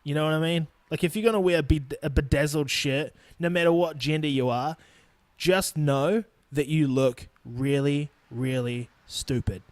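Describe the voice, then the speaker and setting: This young podcast host from New Zealand speaks at normal speed in a voice on the high side, his Kiwi accent clear over dry audio. His rant is casual, blunt, and full of swearing, with laughter between points.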